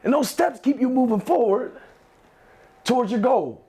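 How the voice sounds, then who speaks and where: In a very high, animated voice that is dark in tone and slightly rough, a man speaks at normal speed to a class of teens. He's a motivational speaker, emphatic and repetitive, guiding them through call-and-response affirmations.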